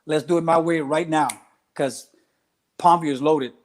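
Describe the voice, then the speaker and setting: Animated coach telling stories. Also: male voice, a little high, moderate pace. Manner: animated, acts out quoted voices, mixes in Spanish phrases. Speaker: track and cross country coach. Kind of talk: casual interview storytelling.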